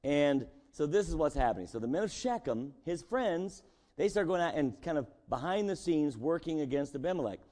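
A pastor preaches a sermon in a casual way, asking his congregation rhetorical questions. His voice is a little high, animated, and dark-toned, at a moderate pace. The recording carries the long echo of a large hall.

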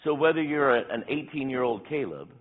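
A pastor in his sixties preaching a sermon, earnest and emphatic, slowing down when he reads scripture. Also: medium pitch, lively intonation, slightly rough. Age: 60s. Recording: tinny phone-like sound.

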